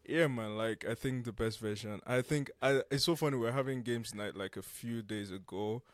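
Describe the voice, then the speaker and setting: A man's voice: medium pitch, normal speed, no echo. A man co-hosting a casual faith podcast, playful and teasing, talking over a video call. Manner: playful, teasing, jumps into loud laughing bursts. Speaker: podcast co-host. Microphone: own camera and mic on a call.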